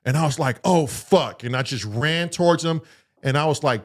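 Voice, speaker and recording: A man's voice: on the high side, normal speed. A man telling a long story in casual chat as a podcast co-host, swearing freely and acting out his own reactions. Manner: profane, animated storytelling with acted quotes.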